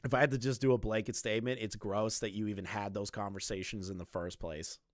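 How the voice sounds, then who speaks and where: A young man giving casual reaction commentary, rambling and repeating himself, swinging from loud remarks to low muttering. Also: fairly even intonation, fast, no echo, clean studio sound. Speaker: commentary streamer.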